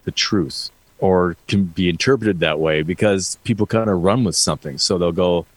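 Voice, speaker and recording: A man's voice: low-pitched, normal speed. A man in a casual interview, musing thoughtfully. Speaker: band guitarist, guest.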